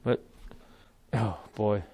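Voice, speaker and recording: A man's voice: lowish voice, steady tone, extremely slow, mellow, dry recording. Male podcast guest, 30s, rambling and profane, dry close sound. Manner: rambling, laughs while telling stories, swears freely. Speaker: podcast guest, military veteran. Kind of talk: casual storytelling.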